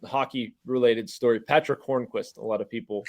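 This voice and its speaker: A man with an everyday mid-range voice co-hosts a sports podcast as a journalist. He tells stories quickly and modestly, sprinkling in "you know". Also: mid-range voice, fairly even intonation. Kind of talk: casual sports podcast chat.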